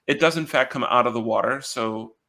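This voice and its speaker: A man with a gravelly, fry-touched voice chats casually as a podcast co-host. He talks haltingly, filling gaps with ums and uhs, and keeps his humor dry and wry. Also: mid-range voice, pushed and bright. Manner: hesitant, full of ums and uhs.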